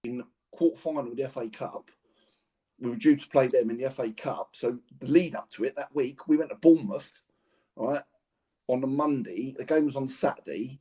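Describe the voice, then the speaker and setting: A husky-voiced man, a former footballer, rattles through lively anecdotes in a relaxed podcast chat. His voice sits at an ordinary pitch, and he laughs his way through his stories. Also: a little fast. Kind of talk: casual storytelling chat.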